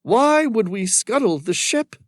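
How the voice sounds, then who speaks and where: A shaken fisherman whose voice jumps up high with disbelief and alarm, as a man narrating a thriller puts him on. His questions come sharp and pleading, lively and strained, recorded close and dry. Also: unhurried, no echo. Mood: incredulous. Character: frightened Japanese fisherman, incredulous.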